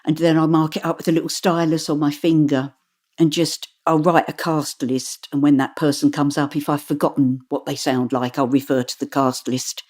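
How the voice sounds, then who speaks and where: This woman is an audiobook narrator chatting casually in an interview. She has a low voice, talks at a normal speed, and stays animated, laughing often.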